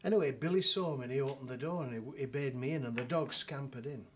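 Middle-aged northern english guy, dry storyteller, mid pitch, lots of restarts, bit of hiss behind. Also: fast. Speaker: solicitor telling an anecdote. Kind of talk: documentary interview anecdote.

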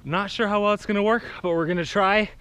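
A man filming a family vlog outdoors on a snowy hill, whooping excitedly while sledding and a bit out of breath. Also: sits high, fast, clear, resonant tone. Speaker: vlogger dad.

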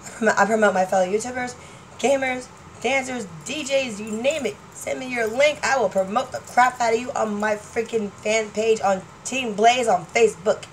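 A woman vlogger talking casually to camera, chatty and excitable, laughing often. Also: on the high side, moderate pace, a little hiss or hum, rough recording. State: partially deaf.

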